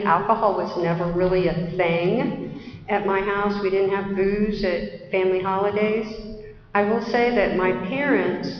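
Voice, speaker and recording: A woman's voice: mid-range voice, slight background noise. A middle-aged woman sharing her recovery story at a conference, candid and self-deprecating. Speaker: AA speaker. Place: conference hall. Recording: roomy, dull conference hall recording.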